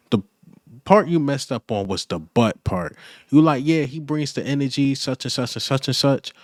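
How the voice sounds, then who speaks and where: A man's voice: lowish voice, no room sound, studio quality. A man hosting a fan channel, giving blunt, repetitive opinion commentary that builds to emphatic points.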